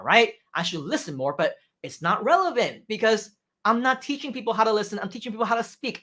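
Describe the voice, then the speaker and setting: Animated man coaching on a livestream. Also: sits high. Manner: energetic, animated, keeps asking "right?". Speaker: speaking coach. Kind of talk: livestream training talk.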